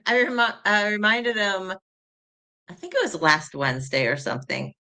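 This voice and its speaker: A woman's voice: medium pitch, big pitch swings, normal speed, pushed and bright. A middle-aged woman hosting an online community call in a chatty, rambling way, greeting viewers by name. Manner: chatty and rambling, reading viewers' names aloud. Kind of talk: casual chat.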